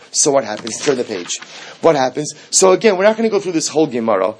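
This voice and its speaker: A man teaching a Talmud class, quoting Hebrew texts and asking animated rhetorical questions. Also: on the high side, quick pace. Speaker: Torah teacher. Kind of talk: text-based Talmud class.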